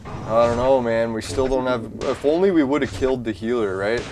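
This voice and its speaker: A man at a mid pitch commentating on a game, grumbling, swearing and muttering to himself as the fights go badly. Game music plays clearly under his voice. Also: normal speed, a little mellow. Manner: cursing, easily frustrated, talks to himself. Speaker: gaming channel host. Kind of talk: casual gameplay commentary.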